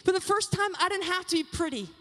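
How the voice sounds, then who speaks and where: Young woman conference speaker, high-pitched, animated and confiding, recorded on stage in a large hall with long reverb. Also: fast talker. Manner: animated and confiding, addresses the audience directly. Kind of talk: talk to a women's session at a youth conference.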